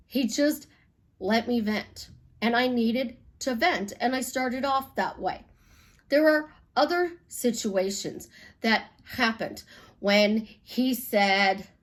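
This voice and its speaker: A woman from Chicago, a life coach, telling stories bluntly in an animated, casual monologue with some swearing. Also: fairly high pitch, takes it slowly.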